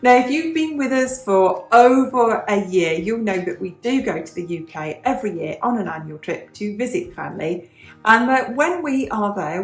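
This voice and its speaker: In a roomy-sounding space, a medium-pitched British woman in her fifties vlogs through a relaxed question-and-answer session. Drawing on her years as an English teacher, she explains patiently and repeats what matters most.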